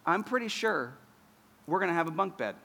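An eager little boy of three, wide-eyed and earnest, as a man imitates him with a high, bright voice. He sounds slightly set back from the mic. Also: very animated, a little fast, creaky, exaggerated voice.

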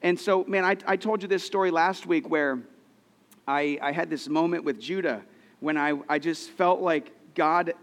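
A man's voice: on the high side, normal speed, fairly bright tone, long reverb tail. A man in his thirties preaching a sermon, telling personal stories in an earnest way, often restarting his sentences. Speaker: pastor.

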